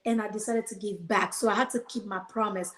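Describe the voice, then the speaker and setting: A woman's voice: mid-range voice, fairly even intonation, fast, fairly bright tone, reverberant. A woman guest on a podcast, telling a personal story earnestly and animatedly, quoting her own prayers.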